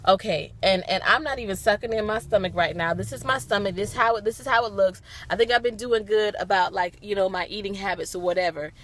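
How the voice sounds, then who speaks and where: A woman's voice: medium pitch, fast, hardly any pauses, a bit bright. A young woman vlogging casually to a handheld phone camera, telling a story with dramatic, emphatic repetition.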